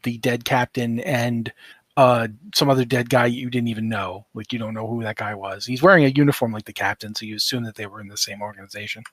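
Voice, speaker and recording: A man's voice: mid-range voice, steady tone, fast talker, dry recording. A man narrating as game master, describing scenes at length with many fillers and asides.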